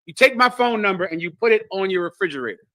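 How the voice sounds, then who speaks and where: A man leads a scripture class in a forceful, bright voice pitched high for a man. He preaches with lively call-and-response and singles out people in the room. The sound is dry and close. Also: fast talker, no room sound. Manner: animated call-and-response, addresses listeners directly. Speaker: teacher leading a scripture class. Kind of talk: preaching to a live congregation.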